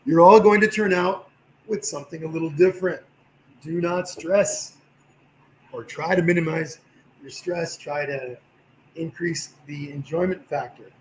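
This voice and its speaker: A man with a slightly tired voice, teaching a livestream painting class in a relaxed, encouraging way while he works. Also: a little high, moderate pace, reverberant, slight background noise, poor audio. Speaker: painting instructor.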